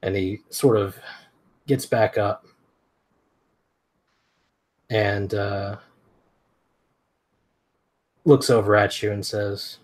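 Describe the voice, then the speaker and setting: A man runs a tabletop game as game master, narrating slowly and deliberately with many small fillers. His voice is low and slightly husky. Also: fairly even intonation.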